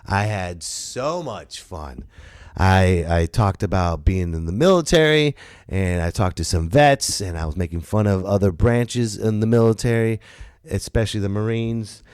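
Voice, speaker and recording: Rambling, animated comedian with a low voice. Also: male voice, a little slow, smooth, no room sound, studio quality. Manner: rambling and animated, with profanity and stumbles. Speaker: stand-up comedian and podcast host. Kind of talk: casual podcast monologue.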